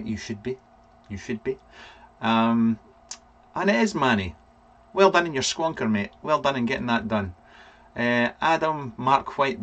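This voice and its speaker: A man's voice: medium pitch, a bit bright, highs cut off. A Scottish man hosting a casual live vlog, rambling through viewer names with lots of ums. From Scotland. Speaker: vape reviewer and live vlog host. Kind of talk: casual live-stream chat.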